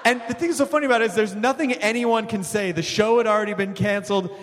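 High-voiced, profane live-show host. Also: male voice, fast, slight background noise. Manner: profane, lively storytelling. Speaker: podcast host. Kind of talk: live podcast chat. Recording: long hall reverb.

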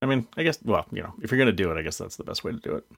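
Gravelly, lively-pitched man with wry quips. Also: no room sound, studio quality. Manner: wry, halting. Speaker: podcast co-host. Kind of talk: casual chat.

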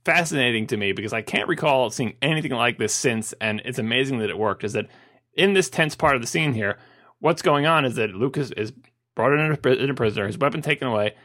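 A man co-hosting a casual podcast about films, animated and acting out characters' lines as he talks. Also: mid-range voice, fast. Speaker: podcast co-host. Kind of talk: casual film discussion.

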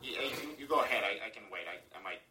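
A man's voice: lowish voice, very fast, roomy sound, crowd noise, close to an everyday voice. An actor playing a nervous, self-conscious man stuck at a stadium urinal in a sitcom clip. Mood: anxious. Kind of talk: sitcom dialogue.

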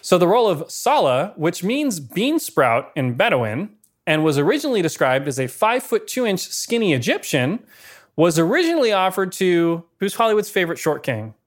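A man with a slightly higher voice co-hosts a casual podcast about old movies. He tells behind-the-scenes stories in a lively way, full of asides and small chuckles. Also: moderate pace. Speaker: podcast co-host. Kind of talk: casual film-history chat.

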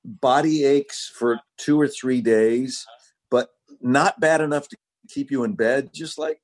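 A man talks as a guest on a podcast through his phone on a video call. He chuckles often and keeps a relaxed, self-deprecating tone. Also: medium pitch, measured pace. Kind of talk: casual podcast chat. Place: home without power.

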